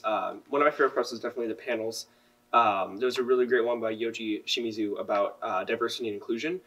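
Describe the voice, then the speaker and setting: A teenage boy guests on a casual podcast, talking quickly in a polite, articulate way. He sits a little back from the mic. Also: mid-range voice, a bit bright, distant mic, low-quality recording. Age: teens. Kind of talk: casual chat.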